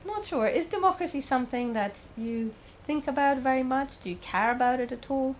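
A woman's voice: sits high, fairly quick, slight background noise, poor audio. A woman giving a talk, telling a story in a conversational way with the odd filler and questions to the audience. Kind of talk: storytelling lecture.

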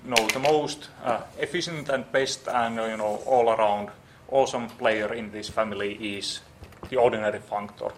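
A man's voice: on the low side, steady tone, normal speed, slight background noise. A man lecturing on programming, typing as he explains and thinking aloud with many fillers and restarts.

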